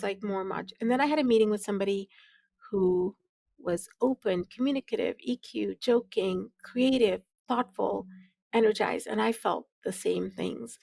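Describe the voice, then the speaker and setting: A woman's voice: mid-range voice, vocal fry, dry recording. A middle-aged woman with a Midwestern American accent, speaking candidly and reflectively as an interview guest, laughing easily and restarting her sentences. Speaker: podcast guest, physician leader. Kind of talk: conversational interview.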